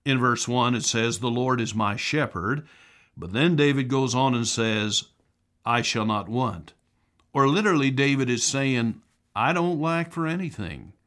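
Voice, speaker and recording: A man preaching a sermon, speaking in a measured way and repeating key phrases for emphasis. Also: mid-range voice, fairly bright tone.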